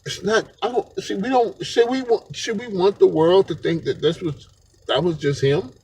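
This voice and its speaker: A man's voice: sits high, normal speed, darkish tone, a little hiss or hum. A man talking straight to camera in an unscripted monologue, rambling and slangy and often breaking into laughter. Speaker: vlogger.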